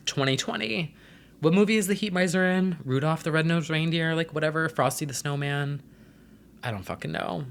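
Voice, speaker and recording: Chatty, bright-toned young man vlogging. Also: fairly high pitch. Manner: rambling, chatty, sassy slang. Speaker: vlogger host. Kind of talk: casual chat to camera.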